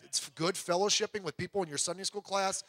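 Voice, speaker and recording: Casting: middle-aged man preaching a casual, humorous sermon, high bright voice, dry close sound, acts out little voices. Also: fast, no echo. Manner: animated storyteller, acts out voices, rising to loud exclamations. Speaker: pastor.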